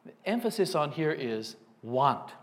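A man's voice: on the high side, very animated, unhurried. Conversational man preaching a sermon. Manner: conversational, with frequent restarts and asides. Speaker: pastor.

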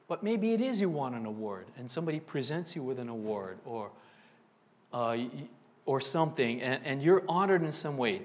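A middle-aged male pastor with a somewhat high voice preaches a sermon. He talks in a loose, conversational way, often restarting his sentences and adding asides.

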